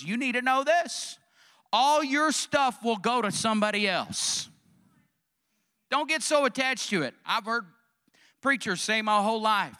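High, bright fervent preacher. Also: male voice, measured pace. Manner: fervent, call-and-response preaching. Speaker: pastor. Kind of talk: sermon. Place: church sanctuary.

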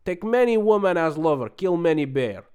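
A man's voice: fairly high pitch, animated, moderate pace, a little mellow, clean tone, voice pushed up, natural voice. A man voicing a boastful Russian immigrant reading a review aloud in a put-on Russian accent, speaking broken English with grand, dramatic pride.

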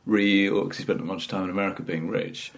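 A man's voice: deep voice, fairly even intonation, fast talker. A British man in his late thirties, a comedian chatting casually on a podcast, rambling and jokey and swearing freely. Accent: British English. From Britain. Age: 30s. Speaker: comedian guest.

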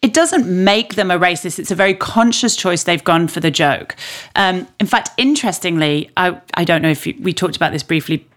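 A woman with a somewhat low voice co-hosting a podcast. She chats casually, thinks aloud and restarts her sentences as she works through a point. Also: lively intonation, a little fast, fairly bright tone. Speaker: podcast co-host.

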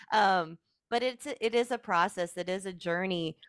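A woman's voice: medium pitch, unhurried, a bit bright, no room sound, studio quality. A woman guest on a podcast sharing personal stories in an earnest, heartfelt way, with many "like" fillers. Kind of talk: emotional personal storytelling.

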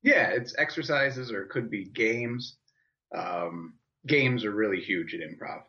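A man's voice: fairly low pitch, expressive, measured pace, bright, forceful tone. A man joins a podcast as a guest who does improv, friendly and explaining in stops and restarts. His sound is slightly dull and lo-fi. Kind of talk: casual chat.

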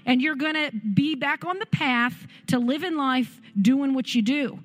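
A woman's voice: high voice, measured pace. Fervent woman preaching in a church. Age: adult parent. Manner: fervent, impassioned praying. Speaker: pastor. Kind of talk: sermon and prayer.

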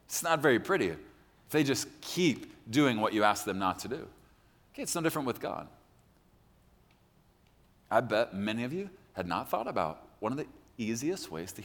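A man preaching a sermon as a pastor, talking straight to his congregation with animated emphasis. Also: on the low side, long reverb tail. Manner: animated, addresses the congregation directly.

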